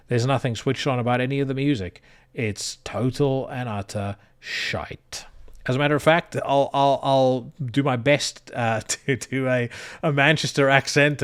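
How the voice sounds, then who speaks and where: A man hosting a podcast who rattles through news items in a casual, sardonic, profane way, full of "uh" fillers. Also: medium pitch. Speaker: podcast host. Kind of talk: casual news roundup and opinion.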